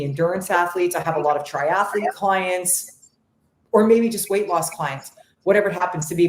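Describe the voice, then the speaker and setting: A woman's voice: fairly low pitch, a little mellow, reverberant, slight background noise. A woman fitness and nutrition coach talking enthusiastically and with emphasis in a casual interview.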